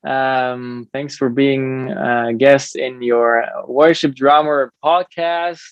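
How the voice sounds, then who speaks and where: A man's voice: medium pitch, fairly even intonation, slow, clear, resonant tone, dry recording, muffled recording. Friendly German-accented man, dry sound. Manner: friendly, earnest, many fillers. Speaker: podcast guest, drummer and drum teacher. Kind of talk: casual interview conversation. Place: drum lesson room.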